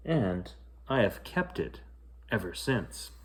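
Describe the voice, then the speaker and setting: A kind mother soothes her daughter in an unhurried, lilting way, as a man voices her. The pitch rises and falls freely as she talks. It is a tender storybook parent. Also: sing-song. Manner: soothing, reminiscing. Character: kind mother, firm then gentle.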